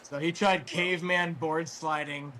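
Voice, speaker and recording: A man telling a long story in casual chat, rambling with fillers and restarts, clearing his throat as his voice wears out. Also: fairly high pitch, fairly even intonation, a little slow, noisy background. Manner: rambling, full of fillers and restarts, swears freely. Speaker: guest storyteller.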